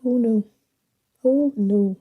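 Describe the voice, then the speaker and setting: A woman's voice: fairly high pitch, slow, breathy edge, phone-quality sound. A woman chatting casually and reflectively as a vlogger while driving, laughing often. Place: in a car.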